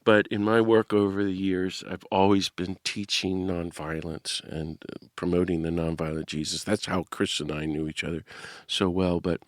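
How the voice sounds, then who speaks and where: An older man hosting an interview, telling an animated story and laughing at himself. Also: sits low, moderate pace, no room sound, clean studio sound. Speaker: podcast host.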